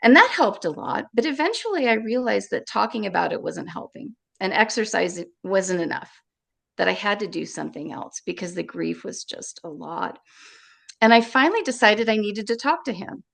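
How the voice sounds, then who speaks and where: A woman with a very gravelly, fry-heavy voice speaks at a middle pitch. She is a guest on an interview show, recounting a personal loss. She talks with emotion and halts often, repeating her words as she goes. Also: very animated, normal speed, fairly bright tone.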